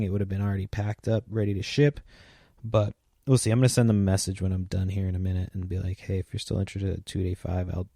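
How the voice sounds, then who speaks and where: A man's voice: sits low, dark tone, no echo, studio quality. A man in his thirties hosting a podcast, chatting loosely with lots of fillers and casual swearing. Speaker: podcast host. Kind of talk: rambling casual monologue.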